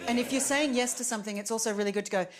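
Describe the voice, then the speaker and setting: A woman's voice: on the high side, steady tone, racing, crowd noise. A woman with an Australian accent, working as a voice and dialect coach, friendly, matter-of-fact and dry. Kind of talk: coaching in a comedy segment.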